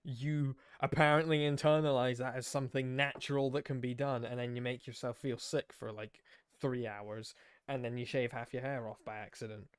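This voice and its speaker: A man's voice: mid-range voice, fairly even intonation, normal speed, clean tone, no echo. A man streaming a game, giving blunt, sardonic commentary full of swearing. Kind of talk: casual live gameplay commentary.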